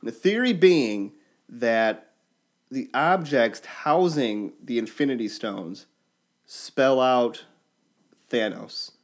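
A man's voice: mid-range voice, slow, long pauses. Man explaining fan theories casually. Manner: animated, explains theories at length. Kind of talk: casual chat.

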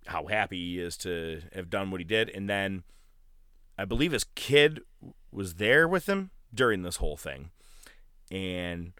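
A man co-hosting a podcast, telling wrestling stories in casual chat and loudly mimicking the wrestlers he describes. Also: deep voice, smooth, no echo, clean studio sound. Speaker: podcast co-host.

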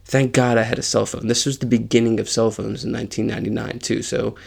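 A man in his forties tells a story on his own podcast, with a gravelly, creaky edge to his voice. He talks casually and with life, and his pitch sits right in the middle. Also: level tone, fast. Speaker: podcast host.

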